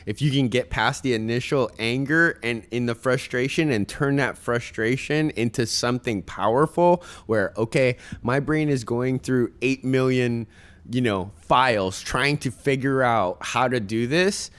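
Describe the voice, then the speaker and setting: A man's voice: medium pitch, unhurried, a bit bright, clear, resonant tone. A man who is a guest on a casual podcast, giving motivational parenting advice and telling family stories in an earnest, direct way. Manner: tells stories and acts out other people's voices.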